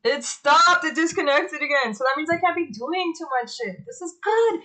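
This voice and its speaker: A woman's voice: high-pitched, expressive, normal speed, hardly any pauses, sharp tone. A young adult woman streaming live, chatting casually and swearing while she fixes her setup, humming little ditties along the way. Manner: profane, chatty, talks to herself while fiddling with tech; sings little ditties under her breath.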